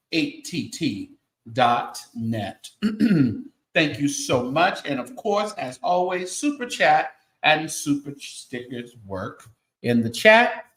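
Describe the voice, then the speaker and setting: Man host, unhurried, swooping lively pitch, sassy asides, echoey room. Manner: sassy, animated, sighing and laughing asides. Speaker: show host. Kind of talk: casual commentary show.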